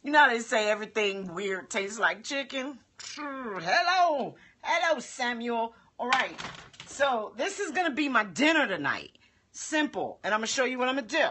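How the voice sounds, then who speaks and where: Expressive female livestream cook, bouncy high-ish voice, chatty and animated. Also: normal speed, slight background noise. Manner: chatty and expressive, talks with her mouth full. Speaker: home cooking livestream host. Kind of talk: casual live cooking demo chat. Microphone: phone livestream.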